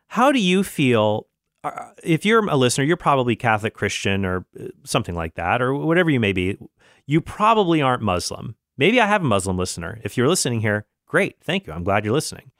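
A man's voice: mid-range voice, dry recording, studio quality. Earnest man reasoning through an argument. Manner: earnest, reasoning, with frequent restarts. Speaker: Christian podcast host. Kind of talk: solo podcast commentary.

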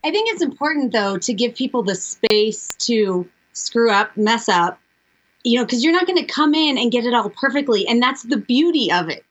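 A woman's voice: a little high, lively intonation, normal speed, dull audio. A woman speaking as a radio guest, giving direct, encouraging advice. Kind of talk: relaxed radio interview talk.

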